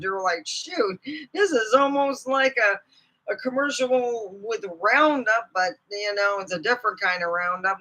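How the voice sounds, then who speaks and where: A woman vlogger chats casually and rambles from thought to thought, laughing along. Her voice is bright and sharp. She talks at an unhurried pace. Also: mid-range voice, poor audio. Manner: rambling, chatty, laughs often. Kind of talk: casual chat.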